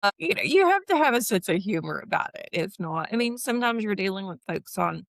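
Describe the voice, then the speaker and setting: A woman's voice: mid-range voice, big pitch swings, brisk, vocal fry, fairly bright tone, no echo, clean studio sound. A woman in her fifties, a guest in a casual interview, chatting about her HR consulting work and acting out quoted dialogue with laughs. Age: 50s.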